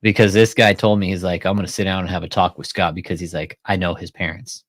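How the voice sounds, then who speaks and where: A man with a fairly low voice chatting casually as a commentary host, recorded dry and close. He swears often and tells his story by acting out both sides of a phone call. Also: little pitch movement, fast talker, no echo. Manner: profane, retells phone calls with quoted dialogue.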